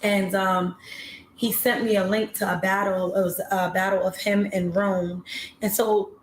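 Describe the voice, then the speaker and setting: A woman's voice: mid-range voice, little pitch movement, a little slow, roomy sound, slight background noise. A woman battle rapper telling her story in a casual interview, laid-back and slangy with lots of fillers.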